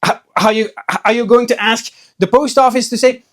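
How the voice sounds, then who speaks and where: A man's voice: extremely high pitch, fairly even intonation, fairly quick, a bit bright. A man who sells trading cards, talking casually to his viewers in a chatty, storytelling way, often restarting his sentences. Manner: chatty storyteller, acts out quoted voices, frequent restarts. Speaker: trading card seller and video host. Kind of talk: casual talk to camera.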